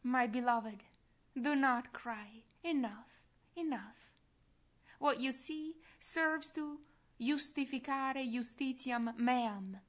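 A grieving, tender Christ , as a woman reads him out in a devotional reading. The delivery is slow and plaintive, with a solemn weight on each phrase. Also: high voice. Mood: consoling. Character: grieving adult male Christ, tender and sorrowful.

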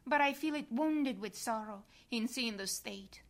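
Slow, soft-spoken woman reading a prayer. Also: a little high. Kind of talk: devotional meditation reading.

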